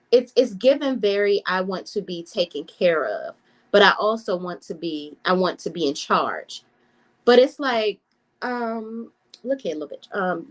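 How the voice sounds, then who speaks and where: Sassy woman reviewing reality TV. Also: medium pitch. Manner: sassy, blunt, animated. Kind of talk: casual commentary vlog.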